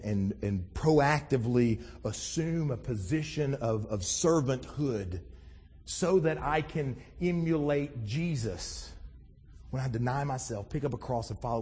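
Husky-voiced man preaching in a reverberant hall. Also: medium pitch, warm tone. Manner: conversational storytelling, rising to emphatic. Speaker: pastor. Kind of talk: sermon. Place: church sanctuary.

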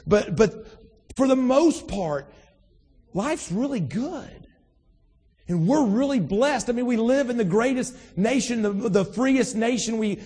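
A man's voice: high-pitched, darkish tone, big-room sound. A man preaching a sermon with emphatic repetition and rhetorical questions. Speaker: pastor.

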